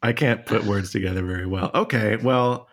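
A man's voice: on the low side, normal speed. A man co-hosting a trivia game, chatting casually, laughing often and telling a rambling story. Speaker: trivia show co-host.

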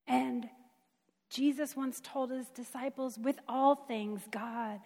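A woman's voice: a little high, fairly even intonation, unhurried, darkish tone. A woman preaching a sermon in an emphatic, conversational way. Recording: long hall reverb.

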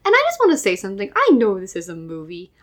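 A woman's voice: mid-range voice, huge pitch swings, fast. A young woman co-hosting a podcast, making sarcastic, wry comments about a movie. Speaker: podcast co-host. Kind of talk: casual movie recap chat.

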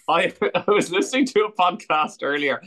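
A man's voice: high voice, measured pace, a bit bright. A man co-hosting a casual podcast, teasing his friends, swearing freely and laughing a lot. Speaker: podcast co-host. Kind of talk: casual banter.

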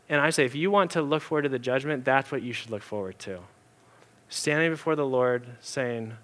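A pastor with a mid-range voice preaches in an earnest, casual style, sprinkling in plenty of "like" fillers. When he wants to stress a point, he slows down and goes soft.

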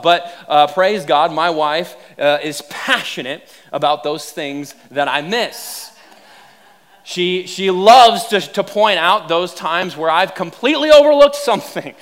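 A man with a higher-than-usual voice, preaching to his congregation. He tells comic, self-deprecating stories with animated energy before turning to a serious point. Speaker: pastor. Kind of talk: sermon.

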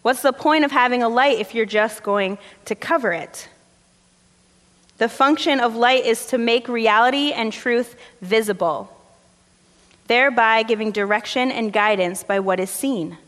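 A woman pastor delivers a sermon in a loose, conversational storytelling manner. Her voice sits a little high for a woman. The sound rings with long reverb from the church sanctuary around her. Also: a little slow. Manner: conversational storytelling, relaxed fillers.

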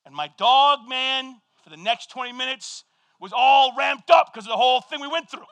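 High-voiced animated male pastor preaching. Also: dry recording. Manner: animated storytelling, shouting at peaks, quick asides. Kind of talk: sermon.

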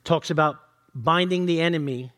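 A man's voice: fairly high pitch, moderate pace, a bit bright. A male pastor preaching a sermon, reading scripture and teaching in an earnest, direct way.

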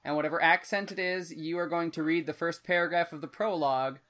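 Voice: medium pitch, steady tone, fast talker, a bit bright. Teasing podcast co-host, faint hiss. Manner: teasing, playful. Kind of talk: casual banter.

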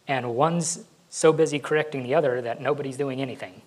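A man's voice: medium pitch, moderate pace, poor audio. A male pastor giving a conversational sermon, laughing now and then and acting out what his kids say. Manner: conversational, laughs often, acts out kids' voices.

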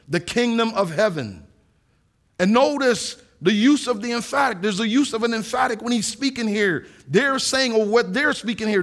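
A man who is a pastor, preaching a sermon with earnest rhetorical questions and reading scripture aloud slowly for emphasis. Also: sits high.

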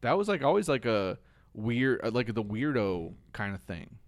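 A man in casual chat with friends, telling stories in halting bursts. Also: mid-range voice, very animated, no room sound. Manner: storytelling, halting, many restarts.

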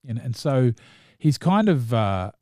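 A man's voice: mid-range voice, big pitch swings, slow, mellow, no room sound, clean studio sound. New Zealand man chatting about films. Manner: rambling, full of restarts and fillers, enthusiastic. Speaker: podcast co-host. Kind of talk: casual chat reviewing films and shows.

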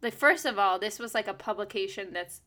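A woman's voice: mid-range voice, brisk, sharp tone. A young woman musician co-hosting a podcast in casual chat, talking with many fillers and restarts and laughing often.

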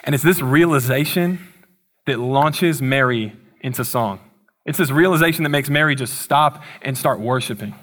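A man's voice: mid-range voice, moderate pace, a bit bright. A young man preaching a sermon in a casual, conversational way, with playful asides. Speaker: pastor.

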